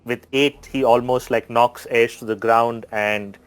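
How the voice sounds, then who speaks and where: A man's voice: mid-range voice, steady tone, unhurried, smooth. A man who is a player in a tabletop game, loosely describing his character's actions with many fillers.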